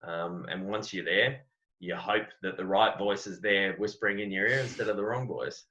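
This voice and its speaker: This Australian man's voice is on the low side, sharp in tone and at a normal speed. A wrestling coach guesting on a podcast, he reflects earnestly and repeats words as he gathers his thoughts; the recording is dull and lo-fi.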